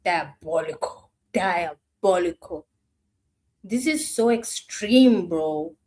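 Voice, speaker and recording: A woman's voice: on the low side, expressive, slow, darkish tone. A woman hosting a reaction video, talking in a sarcastic, exasperated way straight to her viewers. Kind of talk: casual reaction commentary.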